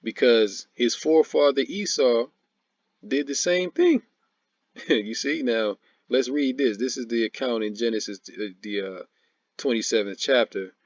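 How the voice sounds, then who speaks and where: A man's voice: mid-range voice, a little slow, no room sound, lo-fi sound. A man giving informal preaching commentary, mocking and laughing often, repeating "man" and "all right" as he reads and explains scripture. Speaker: religious commentator.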